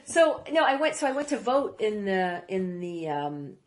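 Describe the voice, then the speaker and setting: A woman guest who grew up in Iraq, telling stories in a casual interview, rambling with quick asides. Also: medium pitch, sing-song.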